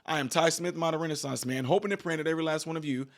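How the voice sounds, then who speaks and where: A man giving casual political commentary to his viewers in an animated way, ending with prayers and blessings. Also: on the high side, racing. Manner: animated, talks straight to viewers, prays and blesses at sign-off. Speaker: video commentator.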